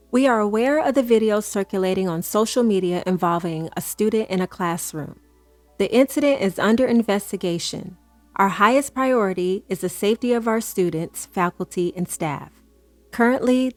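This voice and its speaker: A woman hosts her own commentary show in a relaxed, chatty way and reads out official statements. Her voice is mid-pitched and sits close to the mic in a dry, dead room, with faint music underneath. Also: no room sound. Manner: conversational, reads statements aloud. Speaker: host. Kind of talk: casual commentary.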